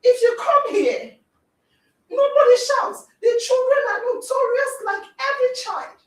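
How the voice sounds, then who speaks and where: A Nigerian woman hosting a podcast, giving a dramatic, animated talk in which she acts out scenes and exclaims. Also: very high voice, unhurried. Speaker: podcast host. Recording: echoey room, distant mic.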